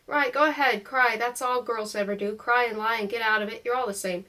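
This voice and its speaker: A woman's voice: on the high side, steady tone, fast, bright, forceful tone. A woman reading an audiobook, voicing a drunk and jealous young man who sneers and accuses. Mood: sneering.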